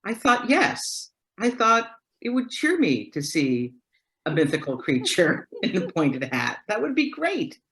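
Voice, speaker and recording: A man's voice: high voice, huge pitch swings, unhurried, fairly bright tone, voice pushed up, exaggerated voice. A woman doing her wry, wondering husband. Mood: wry delight. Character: amused husband, grown man, wry and whimsical.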